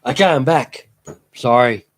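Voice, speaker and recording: Slow-talking man. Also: medium pitch. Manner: rambling, fond and easily amused. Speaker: streamer talking to chat. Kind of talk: casual live-stream chat.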